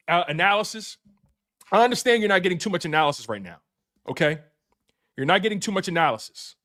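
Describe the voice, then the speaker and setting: A man hosting a sports show in a live post-game rant, excited and laughing, repeating phrases and using slang, with a Philadelphia accent. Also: high-pitched.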